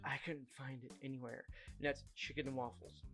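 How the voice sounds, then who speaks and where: A man's voice: medium pitch, lively intonation, brisk, fairly bright tone, faint music behind. A man from Georgia, chatting casually, laughing and jumping in with quips. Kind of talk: casual chat.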